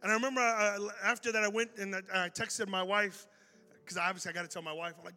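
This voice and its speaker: Bright-voiced, animated storytelling pastor man. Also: high-pitched, quick pace. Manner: animated, acts out dialogue in the story. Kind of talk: storytelling sermon. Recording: long hall reverb with faint music.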